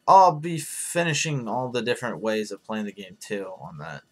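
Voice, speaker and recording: A man hosting a live stream in casual chat, hoarse and rambling, swearing freely as he answers his viewers. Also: fairly low pitch, big pitch swings, moderate pace, a bit bright, soft background music.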